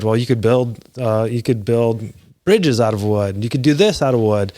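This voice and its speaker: A man's voice: lively intonation, warm tone, dry recording. Chatty man, dry close sound. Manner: conversational, retells scenes with quick pitch jumps. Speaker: podcast host. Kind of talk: casual solo talk.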